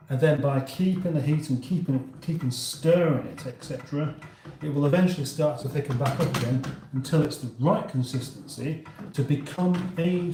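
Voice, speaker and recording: A man's voice: on the high side, warm tone. A British man with a northern English accent hosts a live cooking stream from his kitchen, rambling casually and reading viewer comments aloud as he cooks. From England. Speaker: cooking livestream host. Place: home kitchen. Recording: echoey kitchen with faint background noise.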